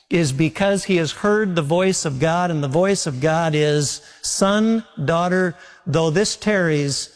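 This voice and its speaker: Folksy preacher man in a reverberant hall. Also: a little high. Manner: folksy storytelling preacher, slows for emphasis. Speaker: pastor. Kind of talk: sermon.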